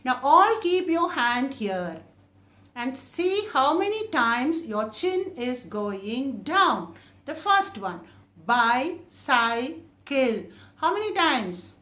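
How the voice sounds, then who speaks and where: A woman teaching children an English lesson, stretching out each word slowly and often saying it twice, then asking the class questions and answering them herself. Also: high voice, very animated, a bit bright, reverberant. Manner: slow, drawn-out modelling of each word, often repeated.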